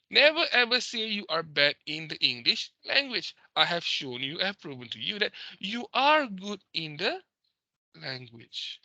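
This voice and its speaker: A man's voice: high-pitched, very animated, normal speed, vocal fry, pushed and bright, no echo. A Malaysian man teaching an online class, lecturing emphatically and switching between Malay and English over a video call.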